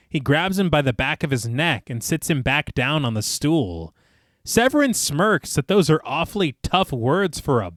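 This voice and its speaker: A man's voice: fairly high pitch, no room sound, clean studio sound. A man co-hosting a podcast, narrating a film scene by scene and quoting its lines with gusto between casual asides. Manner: animated storyteller, quotes lines with gusto. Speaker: podcast co-host recapping a film.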